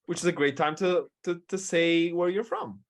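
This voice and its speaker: A man's voice: on the high side, steady tone, moderate pace. A man hosting a podcast round table, reading out questions and tossing in playful remarks. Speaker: podcast host asking the questions. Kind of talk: casual round-table chat.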